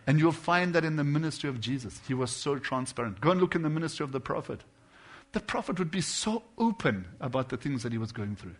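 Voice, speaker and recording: A man preaching a sermon, earnest and personal, dropping to quiet intimate lines and then rising into loud, emphatic bursts. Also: on the high side, expressive, quick pace.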